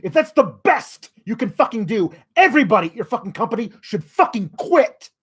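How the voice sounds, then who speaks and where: A man's voice: very high-pitched, big pitch swings, a little fast, slightly rough. A man hosting a wrestling podcast, delivering an exasperated rant full of swearing. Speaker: wrestling news podcast host.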